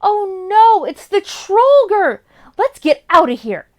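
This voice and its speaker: A woman's voice: very high voice, big pitch swings, measured pace, voice pushed up, exaggerated voice. A woman voicing a frightened young boy on the run, with a trembling, panicky way of talking. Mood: scared.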